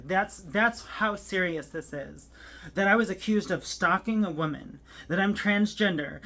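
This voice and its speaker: A woman telling a personal story to camera, emotional and near tears, talking in a halting, rambling way with many fillers and restarts. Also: fairly low pitch, a bit bright.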